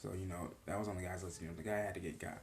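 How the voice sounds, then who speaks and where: A man's voice: sits low, fairly even intonation, rapid-fire, gravelly, roomy sound, slight background noise. A man recapping and reacting to a TV episode in a casual, earnest vlog, rambling with many "you know" fillers. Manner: earnest, emotionally charged. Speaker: TV show reaction vlogger.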